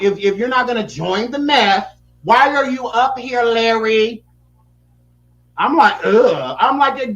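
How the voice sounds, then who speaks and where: A man's voice: very high-pitched, lively intonation, slow pace, a bit bright, lo-fi sound. A man giving blunt, sassy and profane reaction commentary. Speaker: YouTube commentator.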